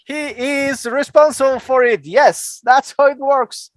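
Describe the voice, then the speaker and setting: A man voicing a cocky, mischievous halfling in a tabletop game, jumping into a high, brash voice. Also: unhurried, dry recording.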